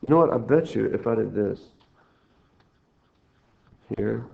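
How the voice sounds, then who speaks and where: A man's voice: fairly low pitch, animated, a little slow, vocal fry. A man teaching a recorded math lesson, walking through problems in a jokey, self-mocking, rambling way. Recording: dull lo-fi screen recording.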